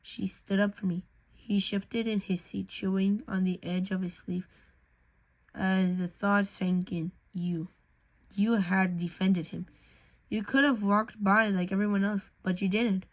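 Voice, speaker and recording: A woman's voice: mid-range voice, flat delivery, a little slow, poor audio. A woman reading a fan fiction story aloud in a casual way, with slips and restarts.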